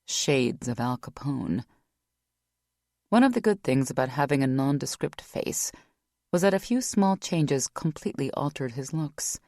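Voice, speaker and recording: Deep, gravelly woman audiobook narrator. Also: lively intonation, unhurried, dark tone, no echo, studio quality. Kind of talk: scripted narration.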